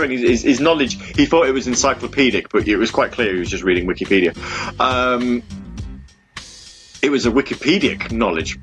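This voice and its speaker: A man's voice: on the low side, quick pace, fairly bright tone, soft background music. A man hosting a casual fan radio show, rambling and interrupting himself, from England. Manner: rambling, self-interrupting, puts on voices. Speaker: podcast host.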